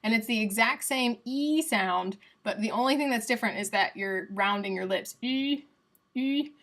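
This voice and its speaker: Chatty and playful, a young Southern US woman demonstrates sounds aloud while casually teaching phonetics on a livestream. She talks at a normal speed with a medium-pitched, fairly bright voice.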